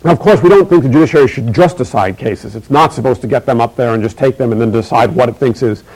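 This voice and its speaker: A middle-aged man giving a recorded university lecture, measured and emphatic, slowing to repeat key phrases. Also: medium pitch, a little mellow, breathy edge, poor audio.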